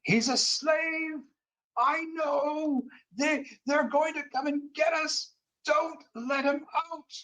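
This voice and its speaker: A man's voice: very high voice, fairly even intonation, slow, sharp tone, a little hiss or hum, voice pushed up, exaggerated voice, poor audio. A man doing a livid screaming paranoid man. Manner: screaming, accusing.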